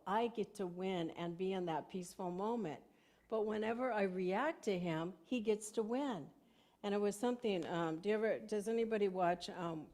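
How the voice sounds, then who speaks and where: A woman's voice: mid-range voice, a little mellow. An older woman minister giving a conversational sermon in a church sanctuary, telling stories and laughing often.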